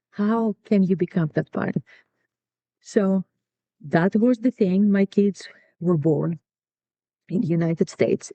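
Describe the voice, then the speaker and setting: A middle-aged Greek woman with a warm voice on the low side shares family stories in an interview, with no echo. A podcast guest and co-founder, she's reflective and repeats words as she searches for them, heard on a dull, dry lo-fi recording.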